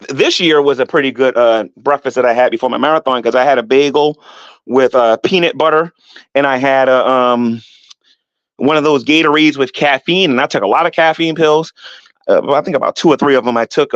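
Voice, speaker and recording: A middle-aged man ranting on his vlog, animated and defensive, repeating himself and climbing higher when heated. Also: normal speed, no echo, highs cut off. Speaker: YouTuber. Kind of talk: rambling vlog rant.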